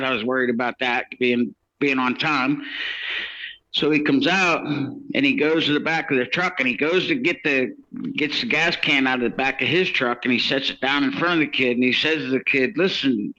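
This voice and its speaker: A man's voice: mid-range voice, normal speed, bright, forceful tone, dull audio. A man telling his own story in casual, rambling speech, acting out what others said. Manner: rambling, many restarts and quoted dialogue. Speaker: interviewee telling his case.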